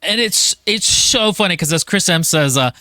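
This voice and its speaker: Male podcast co-host, smooth clear tone, lively casual recaps. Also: high-pitched, normal speed, no room sound, clean studio sound. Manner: animated, recaps with voices. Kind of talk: casual book-club discussion.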